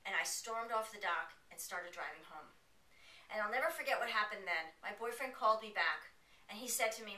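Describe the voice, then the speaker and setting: Woman in her 40s telling a story to a crowd, bright voice, kinda distant and roomy sounding. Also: mid-range voice, fairly quick. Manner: lively, dramatic retelling with acted voices. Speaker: periodontist telling a personal story. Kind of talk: storytelling speech to an audience.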